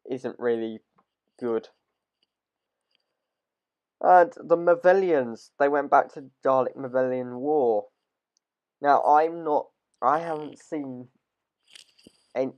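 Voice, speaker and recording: Guy whose voice is going, rambly hesitant episode review, mid pitch, kinda muffled audio. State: losing his voice. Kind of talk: casual video review. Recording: dull lo-fi recording.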